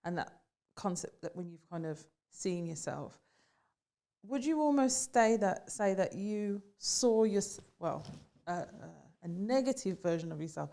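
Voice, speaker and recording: A woman hosting an interview, asking probing follow-up questions with soft murmurs of agreement. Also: medium pitch, animated, measured pace. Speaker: interview host. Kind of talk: conversational interview.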